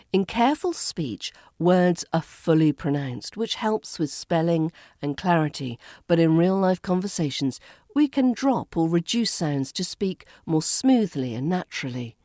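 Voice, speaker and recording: A woman with a British accent, hosting a podcast and teaching pronunciation in a slow, deliberate scripted style. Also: fairly low pitch, a little mellow, no room sound, clean studio sound. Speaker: accent coach and podcast host.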